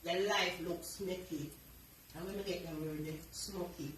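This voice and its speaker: A woman's voice: fairly low pitch, steady tone, measured pace, fairly bright tone, roomy sound, distant mic, slight background noise. A woman talking in a clip that is played back for commentary.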